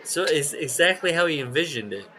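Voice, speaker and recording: This man's pitch is fairly high and his delivery brisk, captured on a rough recording. Co-hosting a podcast, he chats casually about wrestling, telling animated, profane stories and performing other people's lines.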